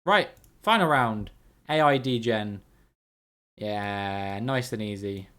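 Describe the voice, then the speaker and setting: A man's voice: fairly low pitch, takes it slowly, fairly bright tone, clear, resonant tone. A man hosting a casual live stream of a geography guessing game. He chats with viewers, reads their names out, laughs easily and swears now and then.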